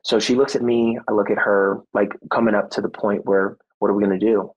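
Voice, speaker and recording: Husky lowish man, thirties, ex-football guy telling his story on a podcast, earnest, acts out the quotes. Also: flat delivery, brisk, highs cut off. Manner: faith-centered, reflective. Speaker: guest, former football player and motivational speaker.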